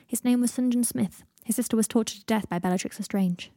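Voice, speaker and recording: A woman voicing a weary young man who speaks in a low-key, hushed way with dry humor. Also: fast, no room sound, lightly acted. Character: quiet, weary young man, gentle and wry.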